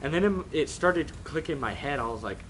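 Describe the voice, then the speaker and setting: A man telling a story in casual chat with friends, animated and swearing, often laughing and acting out people's voices. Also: on the high side, fairly quick. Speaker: streamer. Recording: faint background noise.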